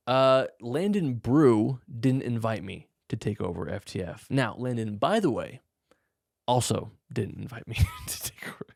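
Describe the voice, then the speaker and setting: A man's voice: animated, unhurried, darkish tone, no room sound, studio quality. A young man hosting a podcast, casually answering listener questions in a frank, laid-back way. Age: young adult. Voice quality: gravelly low voice. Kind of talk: casual Q&A chat.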